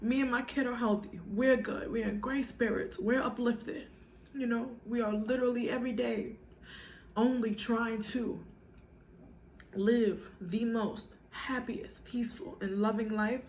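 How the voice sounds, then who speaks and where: A woman's voice: fairly high pitch, fairly even intonation, unhurried, darkish tone, a little hiss or hum. A woman vlogger talking to her viewers in a heartfelt, casual way, earnest and emotional, with a lot of "you know", now and then tearful. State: tearful at times.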